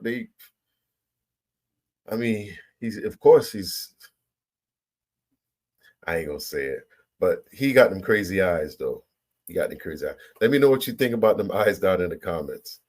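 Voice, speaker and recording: Low-voiced man hosting a reaction video. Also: very animated, measured pace, pauses often, darkish tone. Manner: amused, chatty, asks viewers to comment. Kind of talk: casual reaction commentary.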